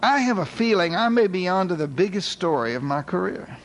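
A man voicing an eager, curious male newspaper reporter who talks in a folksy, excited way, wondering aloud. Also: sits high, fairly quick, slight background noise.

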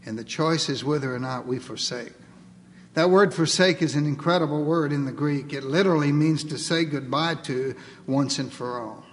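A man's voice: on the high side, normal speed, a little hiss or hum. Dramatic preacher man in a reverberant hall. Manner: dramatic, acts out dialogue with God. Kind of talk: sermon.

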